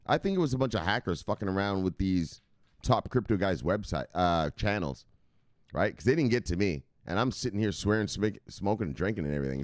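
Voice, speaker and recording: A man's voice: on the low side, no echo, clean studio sound. A man hosting a casual vlog, talking loosely with lots of swearing and laughter at home. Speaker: host.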